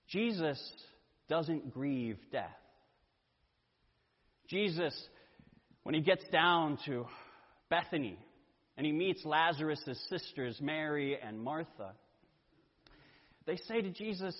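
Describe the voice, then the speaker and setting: A male pastor preaching a sermon in a deliberate way, with dramatic pauses. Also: a little high, expressive. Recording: dull sound with long church reverb.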